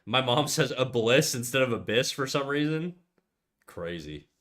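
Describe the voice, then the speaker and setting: A man's voice: medium pitch, sing-song, moderate pace, fairly bright tone. Rambling young man chatting while drawing. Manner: rambling, laid-back, swears freely. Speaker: art streamer. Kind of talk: casual chat while drawing.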